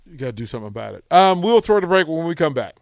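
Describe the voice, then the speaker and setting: A man hosting a radio talk show, telling a rambling, animated anecdote full of restarts, in a studio on a close mic. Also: on the high side, very fast, creaky, no room sound. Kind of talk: casual radio storytelling.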